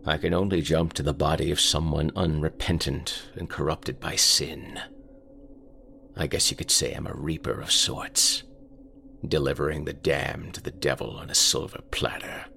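A man's voice: extremely low pitch, level tone, a little slow, vocal fry, pauses often, sharp tone, a little hiss or hum, exaggerated voice. A man voicing a haunted man who is secretly a soul-taking reaper, speaking in a grave, matter-of-fact way. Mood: cold calm.

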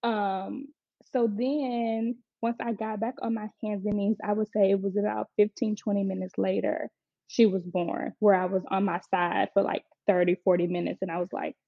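A woman's voice: medium pitch, moderate pace, creaky, no room sound. A young adult woman casually telling a personal story, chatty and frank, often acting out what people said. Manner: chatty, frank, quotes people in lively voices. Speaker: mother telling her birth story. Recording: slightly dull, dry lo-fi recording.

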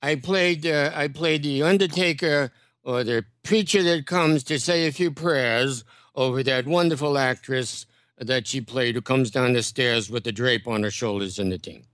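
An older man, a comedian guest, telling show-business stories in a relaxed interview, with lots of restarts and laughter. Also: medium pitch, normal speed, dry recording, studio quality. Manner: animated storyteller, full of restarts and laughter. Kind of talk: casual interview storytelling.

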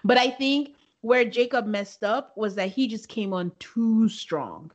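A woman's voice: on the high side, lively intonation, measured pace, lo-fi sound. A woman co-hosting a podcast, giving frank, emphatic opinions in casual chat. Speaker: podcast co-host.

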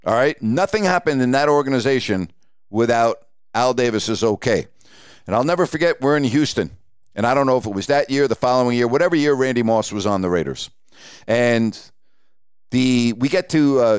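Smooth-voiced man telling sports stories. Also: medium pitch, a little fast, no room sound, studio quality. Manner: animated storyteller acting out quoted dialogue. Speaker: podcast host and sportscaster. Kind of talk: casual storytelling.

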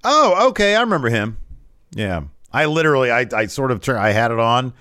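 A man's voice: fairly quick, clean tone, no room sound, studio quality. A man co-hosting a podcast, chatting casually about a wrestling show and acting out what was said. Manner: animated, acts out quotes with big pitch jumps. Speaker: podcast co-host. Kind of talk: casual wrestling recap chat.

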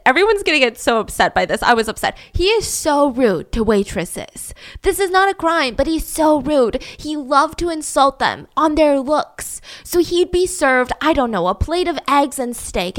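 A woman's voice: high voice, lively intonation, normal speed. A woman hosting a true crime podcast, telling the story in a chatty, heavily sarcastic, mock-admiring way and speaking straight to her listeners. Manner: chatty, addresses listeners directly. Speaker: podcast host.

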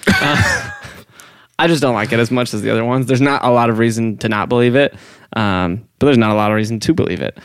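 A man's voice: mid-range voice, wildly swooping pitch, brisk, smooth, no echo, studio quality. A man co-hosting a casual podcast chat, rambling through his explanations and often breaking into laughter. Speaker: podcast co-host explaining a topic.

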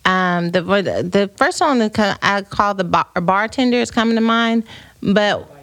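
A woman's voice: medium pitch, lively intonation, normal speed, fairly bright tone, no room sound. A woman from the United States hosting a live podcast, chatting playfully with viewers, reading their comments, and turning reflective and faith-minded. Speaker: podcast host. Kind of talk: casual livestream chat with viewers. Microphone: streaming camera setup.

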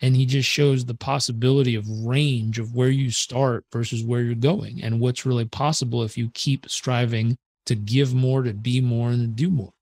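A man's voice: medium pitch, moderate pace, few pauses, no echo. Earnest storytelling man, dry sound. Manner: earnest, animated storyteller, swears casually. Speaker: podcast guest, performance coach. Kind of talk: casual interview storytelling.

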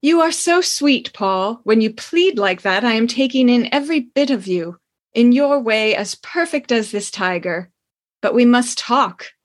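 A woman reading aloud as a seductive, languid aristocratic lady who speaks slowly and teasingly. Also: on the high side, lively intonation. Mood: purring, teasing. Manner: slow, purring and teasing. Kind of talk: dramatic reading of a novel.

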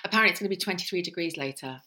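A middle-aged woman co-hosting a podcast, telling stories in a chatty, animated way. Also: lowish voice, racing. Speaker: podcast co-host. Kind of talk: casual chat.

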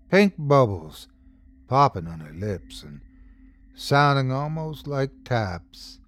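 A man narrating a scary story as host, dramatic, swelling and dropping for suspense. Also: mid-range voice. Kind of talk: scripted horror story narration.

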